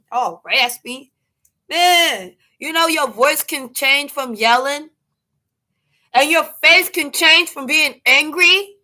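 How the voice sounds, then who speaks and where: Animated high-voiced New woman. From New York. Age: 40s. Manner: animated, joking, breaks into laughs and shouts. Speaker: livestream host. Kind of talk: casual livestream chat.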